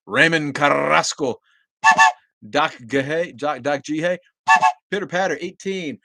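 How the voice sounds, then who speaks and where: A man hosting a casual livestream from home, greeting viewers loudly, coughing often and swearing casually. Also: fairly high pitch, takes it slowly, vocal fry, no room sound. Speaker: livestream host. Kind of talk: casual livestream chat reading viewer comments. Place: at home with a dog nearby.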